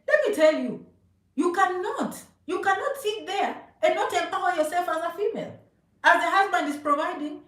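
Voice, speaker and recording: Woman from Zambia, high voice, emphatic live-stream motivator who keeps checking "okay?", echoey distant mic. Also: fairly bright tone. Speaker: immigration advice streamer. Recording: echoey room, voice a bit far from mic.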